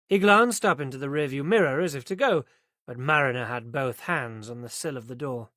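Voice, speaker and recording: A man reading a crime thriller audiobook as narrator, steady and even. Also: mid-range voice, moderate pace, dry recording, clean studio sound. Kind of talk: scripted narration.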